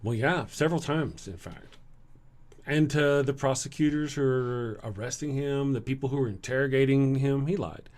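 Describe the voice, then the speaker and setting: A man with a Southern US accent, hosting a casual livestream and answering chat. He sounds tired, talks bluntly and sarcastically, and clears his throat often. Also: mid-range voice, normal speed, darkish tone. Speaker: livestream host reading chat.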